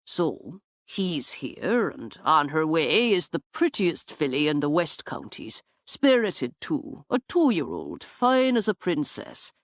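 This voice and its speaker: Woman doing a low slow guy, smooth charmer, audiobook, dry sound. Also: wildly swooping pitch, fairly bright tone, dry recording, full character voice. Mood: easy charm. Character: charming Irish horseman, calm and teasing.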